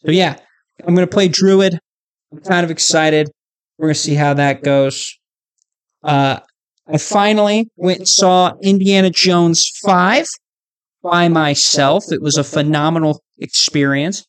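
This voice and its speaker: A man's voice: on the high side, unhurried, clean tone. A man hosting his own podcast, chatting casually and with animation, often checking in with the listener. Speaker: podcast host. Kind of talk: casual solo podcast chat.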